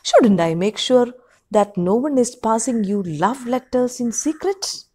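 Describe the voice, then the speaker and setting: Sneering husband, played by a woman, mocking, husky tone, lively pitch. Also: a little slow. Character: smug husband, calm and needling.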